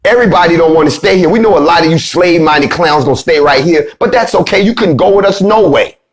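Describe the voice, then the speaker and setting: A man delivers a charged monologue in a somewhat high voice. He swears freely and preaches, dropping from heated bursts into low, grave passages. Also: fast. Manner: profane, preacherly, swings from loud to low and grave. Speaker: movement leader giving a speech. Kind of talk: fiery monologue.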